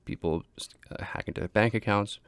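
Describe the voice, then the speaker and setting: A man's voice: lowish voice, fairly quick, clear, resonant tone, dry recording. A man hosting a casual explainer monologue, speaking plainly, repeating himself and restarting often. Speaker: crypto explainer host.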